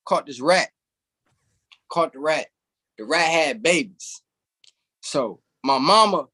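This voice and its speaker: A man guest telling lively stories in a casual, slangy way, often saying "bro". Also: on the high side. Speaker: interview guest. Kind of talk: casual storytelling.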